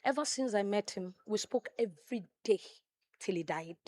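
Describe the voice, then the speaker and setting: Animated Nigerian woman telling stories. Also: mid-range voice, normal speed, no echo. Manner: animated storyteller, exclamations and asides to the audience. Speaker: tribute speaker at a memorial event. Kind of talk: personal tribute speech, storytelling.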